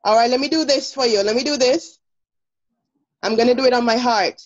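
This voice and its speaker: A woman teacher with a Jamaican accent giving an online lesson, brisk and encouraging, laughing often. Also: on the high side, lo-fi sound.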